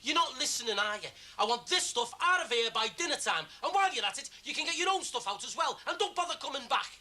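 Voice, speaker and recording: Aggrieved man, high, fast, bright voice, self-pitying. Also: lively intonation, slight background noise, exaggerated voice. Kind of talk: TV soap acting.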